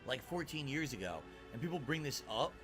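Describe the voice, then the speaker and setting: A man's voice: medium pitch, expressive, fairly quick, music in the background. A man streaming as he reacts to his own old clips, chatty and self-mocking. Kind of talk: casual stream commentary.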